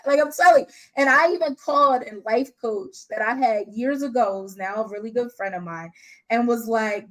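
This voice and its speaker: A woman's voice: fairly high pitch, normal speed, rough recording. A woman business coach talking off the cuff to her audience, candid and slangy, laughing often as she tells a story. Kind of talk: casual unscripted teaching.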